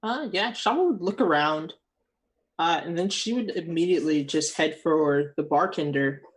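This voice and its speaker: A man's voice: on the high side, moderate pace, low-quality recording. Hesitant male tabletop player. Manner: hesitant, with filler words. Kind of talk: describing his character's actions.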